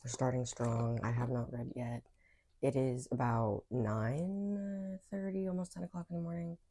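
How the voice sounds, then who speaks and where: A woman records a casual book vlog in her bedroom, wandering through fillers and asides and plagued by hiccups. She speaks a little slowly in an extremely low voice with a dark tone.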